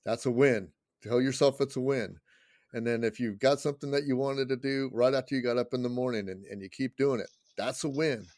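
A man's voice: medium pitch, a little fast, a little mellow, no echo, clean studio sound. A man hosting a casual podcast interview, encouraging and chatty with fillers. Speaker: podcast host.

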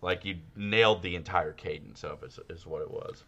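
A man co-hosting a casual podcast, laughing often and breaking into loud, high-pitched impressions. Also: brisk, gravelly, highs cut off. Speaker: podcast co-host.

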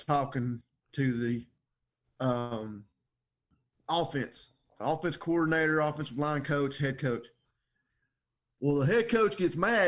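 A man co-hosting a podcast in casual chat, telling jokey, laid-back stories. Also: on the high side. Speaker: podcast co-host.

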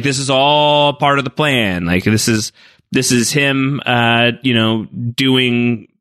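Enthusiastic and rambling, full of fillers, a male podcast co-host keeps the chat casual. His voice is medium in pitch with a sharp tone.

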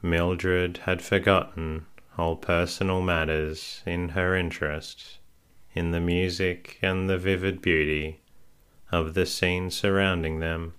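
A man narrating a bedtime story in a calm, unhurried reading voice, hosting a sleep podcast. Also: low voice, clear, resonant tone.

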